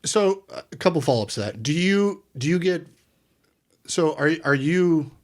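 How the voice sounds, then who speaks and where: A man's voice: fairly high pitch, lively intonation, moderate pace. Curious man hosting a podcast. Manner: curious, asks long rambling questions. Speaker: podcast host. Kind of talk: podcast interview.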